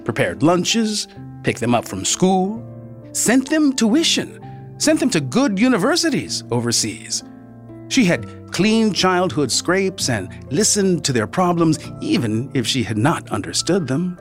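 A man reading a story aloud as narrator, expressive, slowing down and dropping to a near whisper for emphasis. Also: high-pitched, soft background music.

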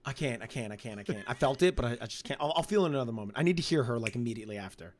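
A man co-hosting a podcast, reacting to a reality show in casual chat, excitable and animated, often talking over his partner. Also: medium pitch, rapid-fire, slight background noise. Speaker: podcast co-host.

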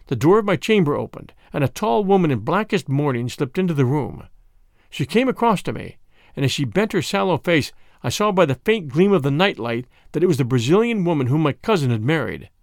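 A man narrating a dark first-person story in a measured, vivid audiobook style. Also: fairly high pitch, no echo, clean studio sound.

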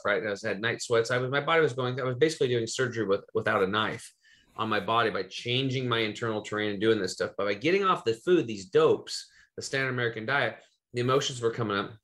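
This man, an Eastern Oregon podcast host, rambles casually through a personal story with some cursing mixed in. He has a mid-range voice with a fairly bright tone.

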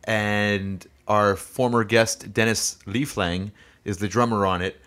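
A man with a low voice co-hosting a casual podcast. He rambles along loosely, stopping to restart his sentences and dropping plenty of ums and uhs. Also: fairly even intonation, takes it slowly, a bit bright. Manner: rambling, frequent fillers and restarts. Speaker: podcast co-host and musician.

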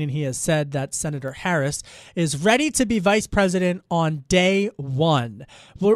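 A male news anchor with a high voice sets the scene and chats with his panel, loose and self-deprecating, often restarting his sentences. The sound is close and dry, with no room around it. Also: no room sound. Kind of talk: live news commentary.

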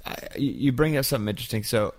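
A man's voice: medium pitch, very fast. A man who hosts a radio show, chatting casually with a guest. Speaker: radio host. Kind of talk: casual interview chat.

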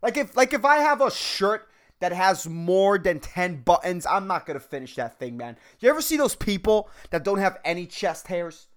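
Man, 30s, solo podcast rant: profane and rambling, and his pitch swings all over the place. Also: big pitch swings, moderate pace, fairly bright tone. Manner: rambling, profane, says "dude" and "man" constantly; jumps between topics, self-mocking. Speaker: podcast host.

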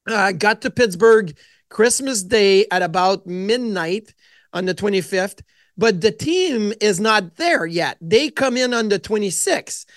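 A man, a podcast guest telling lively anecdotes with frequent restarts. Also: high voice, measured pace, no room sound, clean studio sound. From Quebec, Canada. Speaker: guest, former goaltender. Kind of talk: casual storytelling interview.

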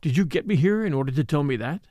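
A man reading the part of an impatient English gentleman who answers dryly and curtly. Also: on the high side, animated, quick pace, no room sound, lightly acted. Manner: dry and curt. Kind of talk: audiobook character reading.

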